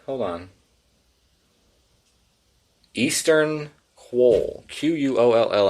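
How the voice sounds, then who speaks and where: A man's voice: fairly low pitch, slightly rough. A man hosting a solo podcast, reading headlines and riffing on them in a sarcastic, profane, rambling way. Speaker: podcast host.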